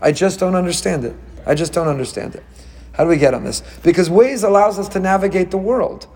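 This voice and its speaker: A man delivering a lively sermon as a rabbi. His voice sits a little high for a man. He asks question after question and drops Hebrew terms into his English. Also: brisk. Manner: animated, rhetorical questions, mixes Hebrew terms.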